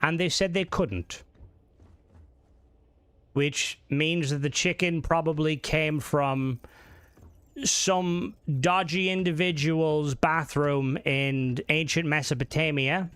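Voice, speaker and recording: A man's voice: fairly high pitch, fairly even intonation, slow, fairly bright tone, smooth, no room sound. A man chatting casually while he streams a game live, rambling and swearing and often restarting his sentences. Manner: rambling and profane, with frequent restarts.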